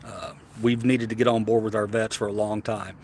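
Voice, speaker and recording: A man's voice: fairly low pitch, flat delivery, fairly quick, a little mellow, a little hiss or hum. A man from Tennessee with a Southern accent, hosting a casual livestream, chatting and answering comments in a rambling way with stammered restarts. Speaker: livestream host.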